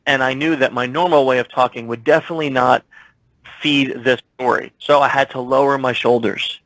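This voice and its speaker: A security expert, a guest in an interview, stands at his desk and tells a story from his work, animatedly acting out the dialogue. His voice is medium-pitched and a little fast, and the audio is poor with no room sound.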